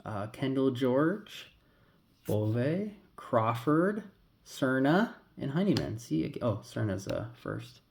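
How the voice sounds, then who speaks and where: A man's voice: medium pitch, sing-song, slow, creaky, slight background noise. A man casually talking through a pack opening, rambling and calling out names as he flips through cards. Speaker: card collector vlogger.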